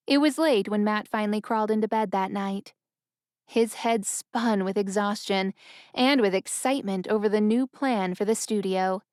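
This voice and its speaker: Smooth-voiced woman narrating an audiobook. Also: mid-range voice, no echo, clean studio sound.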